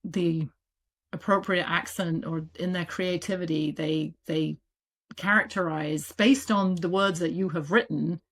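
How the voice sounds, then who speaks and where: A woman with a British accent, an audiobook publisher talking casually and animatedly as an interview guest. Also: fairly low pitch. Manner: animated, chatty, quick asides with laughs.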